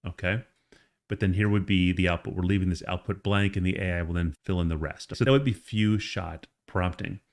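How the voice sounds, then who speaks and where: Male course instructor, lowish voice, relaxed conversational explainer who keeps checking in with the listener. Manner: casual, conversational explaining with frequent check-ins. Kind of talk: screen-recorded tutorial lesson.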